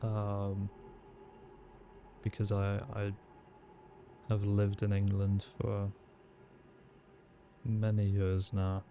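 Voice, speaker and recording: A man with a faded South Welsh accent chatting his way through a roleplay game. His voice sits a little low, and he talks in an unhurried, laid-back way with casual swearing. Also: monotone, muffled recording, slight background noise. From South Wales. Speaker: streamer playing a sheriff.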